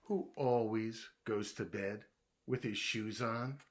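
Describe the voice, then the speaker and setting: A man reading a children's riddle book aloud in a playful way, posing each riddle and then answering it himself, dropping to a hushed voice when he plays the puzzled guesser. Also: lowish voice, slow, slight background noise.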